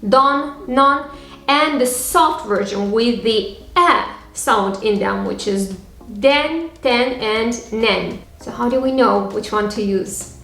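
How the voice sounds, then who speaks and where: A woman's voice: fairly high pitch, fairly bright tone. A woman from Tatarstan, teaching a phrasebook lesson and repeating each example sound by sound. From Tatarstan, Russia. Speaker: language teacher. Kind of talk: slow, careful phrasebook lesson. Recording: echoey room with faint music.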